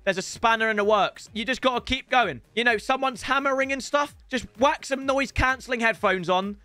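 A young man streaming a football video game, chatting to the lads in cheeky banter and breaking into loud outbursts. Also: very high voice, a little fast, no room sound, soft background music. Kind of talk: gaming stream commentary. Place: home room with builders' noise outside. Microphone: headset.

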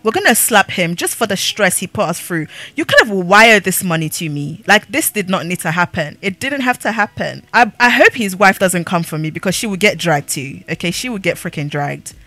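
A woman's voice: lowish voice, animated, fairly quick, hardly any pauses, sharp tone, no echo, faint music behind. A young woman giving sassy, laughing commentary while playing a life-sim game. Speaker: gaming YouTuber. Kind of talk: let's-play commentary.

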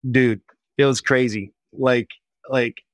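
Man, missionary guest, casual and lively interview storytelling, mid pitch. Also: no echo. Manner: animated, chatty, quick bursts.

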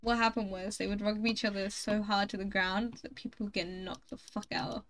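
A woman's voice: medium pitch, level tone, a little fast, a bit bright. A woman streaming a game, chatting casually, swearing freely and teasing her friends. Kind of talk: casual chat while gaming.

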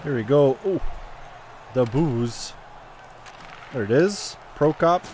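Excitable man commentating a hockey game. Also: medium pitch, slow, slight background noise. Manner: excitable, trash-talking, cheering and groaning at the play. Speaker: gaming commentator. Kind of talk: casual gameplay commentary.

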